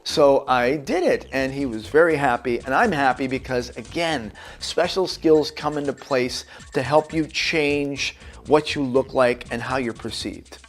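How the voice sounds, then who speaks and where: A man's voice: medium pitch, unhurried, few pauses. A man, an actor, giving casual career tips in a chatty, anecdotal way and speaking directly to the viewer. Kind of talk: conversational tips video.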